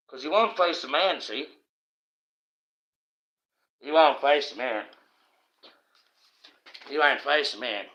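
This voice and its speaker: A man's voice: medium pitch, bright, forceful tone. A man, hosting a livestream from indoors and preaching in a rambling, blunt and profane monologue. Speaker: livestream host. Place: indoors, wearing a mask. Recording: dull, lo-fi livestream audio.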